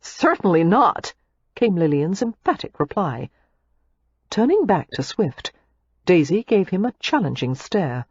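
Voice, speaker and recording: A woman narrating a romance audiobook in an expressive, scripted reading. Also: on the low side, measured pace, slightly rough, no room sound, lo-fi sound.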